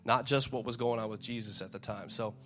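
A man preaches in a mid-range voice with fairly even intonation, going a little fast. He's conversational and relaxed, reading from scripture, often repeating words and acting out crowd shouts.

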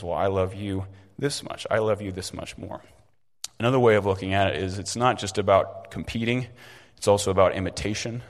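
A middle-aged man preaching a sermon as a pastor in a church, in a conversational, earnest way that repeats phrases for emphasis. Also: on the low side. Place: church sanctuary. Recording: long reverb of a large hall.

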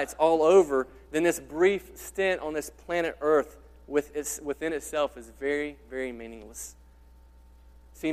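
A man pastor preaching an impassioned sermon, repeating rhetorical questions and swinging from loud to quiet. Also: on the high side. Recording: reverberant hall.

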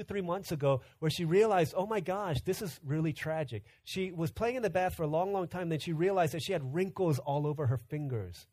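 A man in his thirties preaching a sermon, telling stories conversationally and swinging from loud urgent bursts to hushed quiet. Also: fairly high pitch, dry recording. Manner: storytelling, conversational. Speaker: pastor.

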